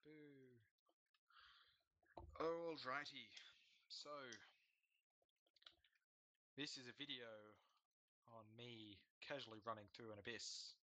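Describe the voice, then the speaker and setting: A man's voice: medium pitch, slow pace, long pauses, bright, forceful tone, low-quality recording. A young man chats loosely over a game, sarcastic and joking, swearing and laughing as he goes. His voice sits in a middle register, and keyboard clicks tap along in the background. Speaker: gamer co-host. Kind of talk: casual gaming chat.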